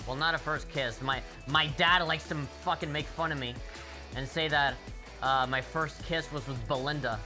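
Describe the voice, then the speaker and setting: A man's voice: fairly high pitch, moderate pace. A young man streaming a rhythm game, telling a rambling, profane story. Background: faint game music.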